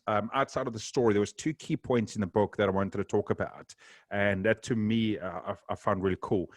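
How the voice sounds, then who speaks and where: A man's voice: lowish voice, no room sound, clean studio sound. A man hosting a podcast interview, asking questions casually with frequent hesitations. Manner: casual, hesitant, many ums. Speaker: podcast host.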